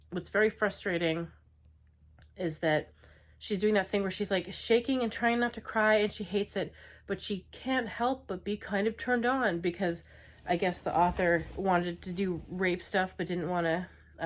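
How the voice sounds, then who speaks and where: A young adult woman chatting casually as a book vlogger, frank and exasperated, rambling with lots of filler words. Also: fairly low pitch. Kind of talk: casual book review chat.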